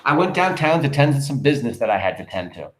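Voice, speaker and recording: A man's voice: mid-range voice, big pitch swings, fast talker, natural voice. A man reading a proud old grandmother. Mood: firm. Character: aging mother and grandmother, firm and proud.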